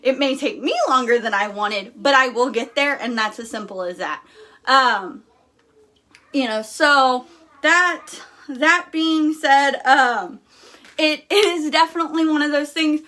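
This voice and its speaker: A woman's voice: sits high, a little slow, bright, forceful tone. A young woman hosting a casual live stream, talking bluntly and candidly with lots of fillers.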